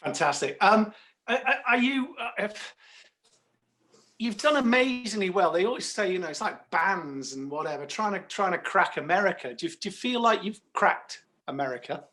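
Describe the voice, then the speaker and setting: Enthusiastic male interviewer, halting questions. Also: high voice, animated, sharp tone. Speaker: interviewer host. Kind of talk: casual interview.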